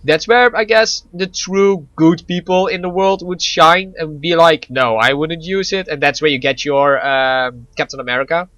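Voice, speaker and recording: Man, casual gaming chat, rambling, stammering, laughs a lot, slightly high pitch, dry close sound. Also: steady tone, moderate pace, hardly any pauses, pushed and bright, no room sound, lo-fi sound. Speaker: gaming podcast co-host.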